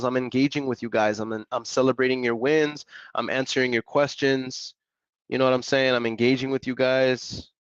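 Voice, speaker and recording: A man's voice: mid-range voice, no echo, lo-fi sound. A man, a real estate investor and coach, talking energetically on a live stream with casual slang and repeated motivational points. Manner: energetic, repetitive, hype-coach delivery; casual slang, chatty asides to viewers.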